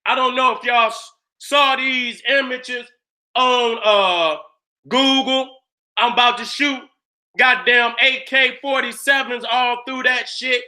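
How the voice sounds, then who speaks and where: A fiery man lecturing in a very high, piercing voice. He is blunt and profane, keeps checking that his audience is following, and breaks into shouts for emphasis. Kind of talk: fiery presentation.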